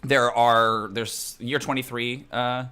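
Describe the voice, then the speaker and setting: A man's voice: medium pitch, steady tone, a little slow, sharp tone. A man narrating a tabletop game as dungeon master in a loose, rambling way with many fillers.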